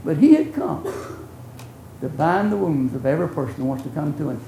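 An older man preaching in a roomy, echoing church, his voice mellow and dark in tone. He tells his stories in a folksy, earnest way, rising loud and then dropping to a hush. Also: fairly high pitch, big pitch swings, brisk, gravelly, a little hiss or hum. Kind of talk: sermon storytelling.

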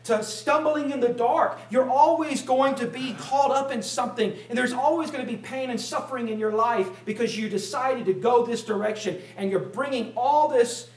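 A pastor with a high-pitched voice delivers an emphatic sermon, stumbling over repeated words as he drives each point home. His voice rings through a roomy church sanctuary, picked up from a distance, with a clear echo around it. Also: normal speed, few pauses. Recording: roomy sound from a distant mic.

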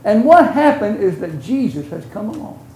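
An older man preaching in a roomy, echoing church, his voice mellow and dark in tone. He tells his stories in a folksy, earnest way, rising loud and then dropping to a hush. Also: sits high, sing-song, normal speed. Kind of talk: sermon storytelling.

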